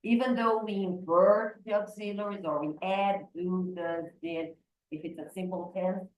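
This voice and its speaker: A woman teaches an English lesson in a lowish voice, stopping and restarting as she explains. She sits back from the mic in an echoey room. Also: far from the mic, phone-quality sound. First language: Portuguese. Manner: hesitant, many fillers and restarts. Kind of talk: online class explanation.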